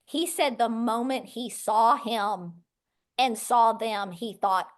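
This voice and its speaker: A middle-aged woman from West Texas, guesting on a podcast and telling her story with animated voices for the people in it. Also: fairly high pitch, slow pace.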